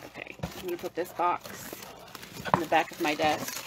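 A woman vlogging a makeup unboxing livestream, gushing and excitable, sometimes dropping to a whisper. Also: lowish voice, normal speed, heavy background noise. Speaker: beauty vlogger.

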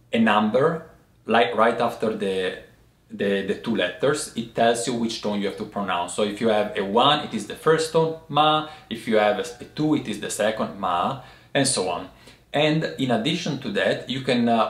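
Man explaining tea words in an echoey room. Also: on the low side. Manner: patient, explaining step by step with frequent pauses. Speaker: tea teacher. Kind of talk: language and tea lesson.

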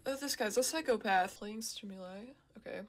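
Over game music, a woman who runs a gaming YouTube channel plays horror titles, cracking jokes and frequently yelping or exclaiming when startled. She speaks at a medium pitch and a fairly quick pace.

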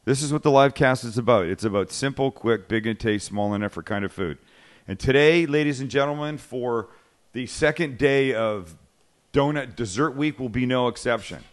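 A middle-aged man hosts a cooking podcast in an easy, casual way. He jokes and swears freely while he reads out listener mail. His voice sits at an ordinary pitch. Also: moderate pace. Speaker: cooking show host.

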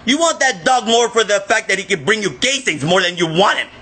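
A man ranting into his own camera, agitated and cursing, often bursting into shouts. His voice sits high for a man and has a husky, rough edge. The tone is sharp and bright. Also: expressive, fairly quick. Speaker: vlogger. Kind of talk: angry self-filmed rant.

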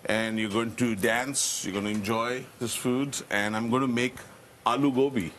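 A man's voice: medium pitch, fairly even intonation, a bit bright, a little hiss or hum. A man, a chef guest on a morning TV show, chatting with enthusiasm as he cooks in a studio kitchen. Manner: enthusiastic, quick when explaining. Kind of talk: casual chat while cooking.

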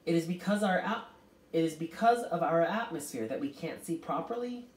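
A woman's voice: on the low side, expressive, moderate pace, a little mellow, pitched above the performer's own voice, lightly acted. A woman voicing an anxious, impatient teenage girl who pleads fearfully. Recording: roomy, distant mic.

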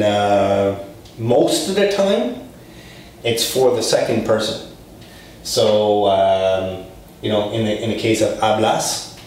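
A man giving a relaxed, chatty Spanish lesson, explaining with lots of fillers and acting out little example dialogues. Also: fairly low pitch. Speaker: Spanish teacher. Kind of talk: casual language lesson. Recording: very echoey room, mic set far off, faint noise.

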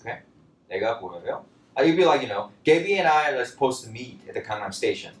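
A man teaching a casual language lesson, talking in a loose, chatty way with lots of fillers and lively bursts when he quotes phrases. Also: mid-range voice, rapid-fire, recorded from a distance. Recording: roomy, from off-mic, faint background noise.

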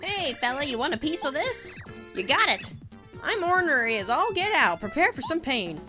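A woman's voice: high voice, big pitch swings, normal speed, music in the background, voice pushed up. Woman doing ornery little hick bug. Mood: feisty. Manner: feisty, folksy drawl. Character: ornery small backwoods bug creature, male.

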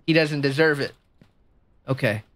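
This woman chats casually with viewers during a video game stream, talking a little slowly with no echo around her. Her voice shoots up high and squeaky when she's excited or anxious.

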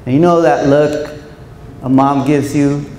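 A man delivers an animated storytelling speech to a room of educators and slips into the voices of the people he quotes. His voice sits somewhat high. The sound carries the echo of a large hall, with a faint hum of room noise behind it. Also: unhurried. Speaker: keynote speaker.

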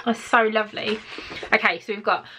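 A woman with a British accent, chatting to camera as she unboxes gifts in an excitable, gushing way full of gasps. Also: medium pitch, brisk, slight background noise. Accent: British English. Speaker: vlogger.

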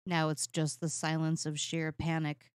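A woman player in a tabletop game, describing her character's actions in a measured, hesitant way. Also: low voice, monotone, clean tone, dry recording, clean studio sound.

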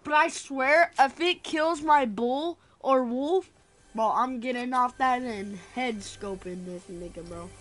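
A woman giving casual gameplay commentary in an excitable, crude way, often laughing and yelling. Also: on the high side, takes it slowly. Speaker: gamer.

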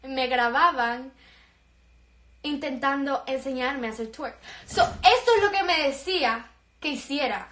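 A young woman, a social media personality, tells a story on a phone livestream, swearing freely, laughing, slipping into Spanish, and running short of breath. Her voice is high-pitched and fairly bright, at a moderate pace, in an echoey room.

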